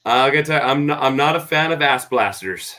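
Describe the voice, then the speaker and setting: Male guest, bright tone, hesitant and rambling, casual chat. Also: mid-range voice, lively intonation, normal speed. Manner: rambling, hesitant, with many fillers and restarts.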